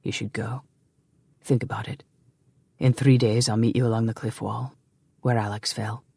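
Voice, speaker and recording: A man voicing a proud, scheming Scottish man who speaks low, heavily and with a sneer. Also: little pitch movement, normal speed, gravelly, darkish tone, husky. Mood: menacing.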